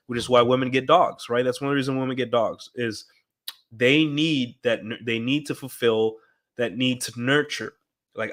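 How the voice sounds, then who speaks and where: Guy streaming, rambling on w lots of ums, mid pitched voice. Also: steady tone, moderate pace, a bit bright. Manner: rambling, with frequent fillers and acted-out quotes. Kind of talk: casual monologue.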